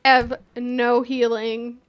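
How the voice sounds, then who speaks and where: A woman's voice: a little high, level tone, very slow, muffled recording, soft background music. A woman playing a tabletop game, joking and teasing the others. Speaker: player. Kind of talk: casual tabletop play.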